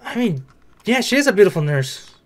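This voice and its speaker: A man's voice: sits high, very animated, fairly quick. A young man talking back at the screen in casual reaction commentary, chatty and swearing now and then. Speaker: reaction video host.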